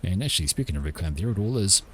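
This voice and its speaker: A man's voice: low-pitched, animated, very fast, a little hiss or hum. A man casting a strategy game with casual play-by-play commentary, chatty and joking in his asides. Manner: chatty, with offhand jokes and asides. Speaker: game caster.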